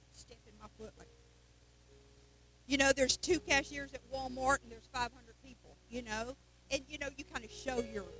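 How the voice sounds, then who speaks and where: High-pitched woman, folksy sermon delivery, emphatic storyteller. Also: fairly bright tone, poor audio. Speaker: worship leader.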